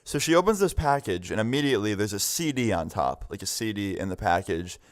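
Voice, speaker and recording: A young man with a lowish, expressive voice tells his viewers a story a little fast, like a vlogger doing a story time. He rambles casually, drops "like" constantly, and acts out the voices of the people he's quoting.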